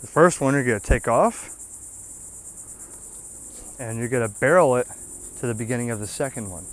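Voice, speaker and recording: A man's voice: medium pitch, expressive, normal speed. A man hosting a ham radio channel, walking viewers through an antenna setup in a casual, folksy way and checking in with a frequent "okay?". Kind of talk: casual hands-on product demo.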